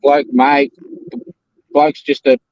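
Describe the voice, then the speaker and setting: A man's voice: a little high, flat delivery, slow pace, no room sound, muffled recording. An easygoing man from Australia with an Australian accent.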